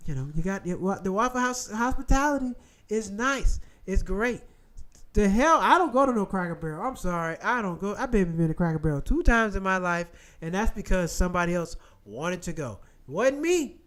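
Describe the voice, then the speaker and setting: A high-pitched man rants his way through the news. His delivery is animated and profane, and he keeps circling back to repeat his points. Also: moderate pace. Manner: animated, profane, repetitive rant. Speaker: commentary channel host. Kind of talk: ranting commentary, reading headlines.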